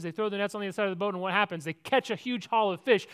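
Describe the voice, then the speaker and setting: A pastor tells a Bible story in his sermon, swinging widely between loud and hushed, frequently repeating words and restarting sentences. His voice sits high and moves fast with few pauses.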